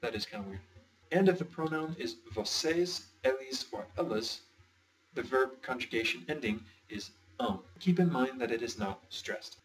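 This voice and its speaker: A man's voice: mid-range voice, lively intonation, normal speed, distant mic, slight background noise, low-quality recording. A man explaining language grammar step by step in a patient, slightly playful teaching voice. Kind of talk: screen-recorded lesson.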